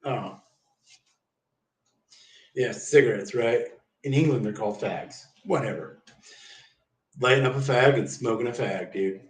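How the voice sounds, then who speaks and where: A man's voice: medium pitch, measured pace, long pauses. A man livestreaming, telling rambling stories in a casual, profane, slangy way and saying "dude" a lot. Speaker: live streamer. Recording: roomy, distant mic.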